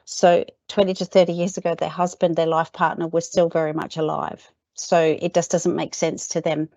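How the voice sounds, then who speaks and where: Emphatic low-voiced woman presenter. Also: flat delivery, moderate pace, darkish tone, no room sound. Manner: emphatic and explanatory, often opening with "look". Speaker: webinar presenter. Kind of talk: webinar discussion. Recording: dry, dull video call.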